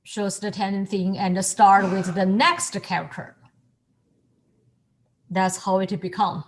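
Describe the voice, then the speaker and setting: In this online lesson, a calligraphy and Chinese teacher takes her time, speaking in a mid-range voice. She explains patiently and encourages the student while repeating every word.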